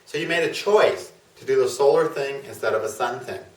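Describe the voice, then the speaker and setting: A man's voice: medium pitch, brisk. Man lecturing in a roomy echo. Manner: conversational, acts out planets in quoted voices, says "okay?" often. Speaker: astrology teacher. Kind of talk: instructional lecture. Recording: roomy echo, mic at a distance.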